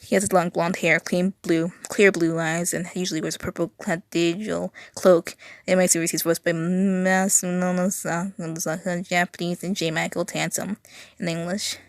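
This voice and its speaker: A woman's voice: fairly low pitch, level tone, moderate pace, no room sound. A young adult woman reading text aloud, often tripping over words and correcting herself, with exasperated asides. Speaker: video creator.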